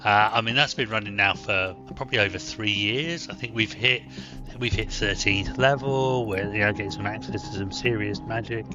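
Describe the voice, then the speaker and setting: A man's voice: lowish voice, moderate pace, dull audio, over music. A man with an Irish accent, co-hosting a podcast in a casual, chatty, self-deprecating way. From Ireland. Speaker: podcast co-host. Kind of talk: casual chat.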